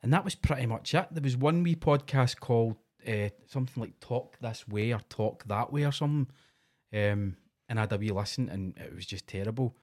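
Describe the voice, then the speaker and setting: A Scottish man in casual podcast chat, his voice sitting at an ordinary middle pitch. He banters in a lively way and swears freely. He reads articles out to his co-host in a loose, easy style. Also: a little fast.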